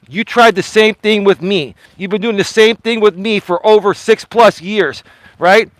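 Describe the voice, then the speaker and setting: Holding his phone on a selfie stick, a vlogger hosts a live walking vlog outdoors in a high voice. He speaks emphatically to someone directly, repeating his points. The recording has no echo but is rough.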